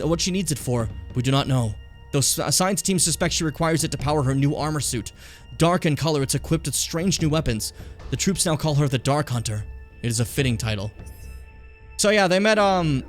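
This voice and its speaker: A tired man in his late twenties, streaming a game casually, swearing freely and stumbling as he reads on-screen text aloud. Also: fairly high pitch. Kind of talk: casual gameplay commentary.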